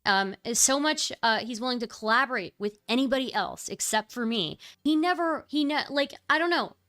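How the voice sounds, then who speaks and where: Aggrieved woman with a bright voice. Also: a little high, expressive. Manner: aggrieved, candid, halting with fillers. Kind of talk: casual chat on a call.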